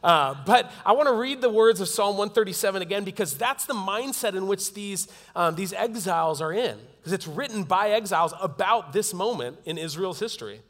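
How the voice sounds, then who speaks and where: Male pastor, slightly high voice, earnest sermon delivery, long hall reverb. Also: fairly quick, hardly any pauses. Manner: earnest, swings from loud to hushed.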